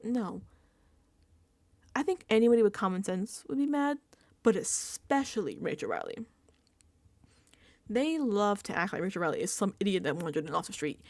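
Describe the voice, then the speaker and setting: Animated woman chatting a reality-show recap. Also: mid-range voice, normal speed, vocal fry, long pauses. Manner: animated, emphatic, filler-heavy chatter. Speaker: recap vlogger.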